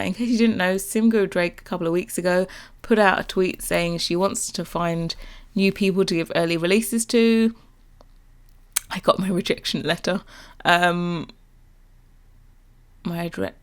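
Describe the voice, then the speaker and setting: A young woman chatting casually over a game build, bubbly and rambling as she gets excited about new content. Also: medium pitch. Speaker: Sims builder and YouTuber.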